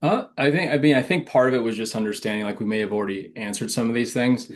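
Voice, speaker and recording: A man's voice: mid-range voice, quick pace. A man giving feedback in a group training call, hesitant and filling his speech with "like" and "I think". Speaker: sales trainee.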